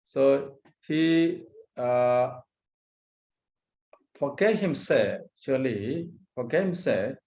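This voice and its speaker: A man teaching as a Buddhist monk, lecturing on a Pali text, repeating terms and pausing often. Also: medium pitch, animated, a little mellow. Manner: slow, repeats Pali terms, frequent hesitations.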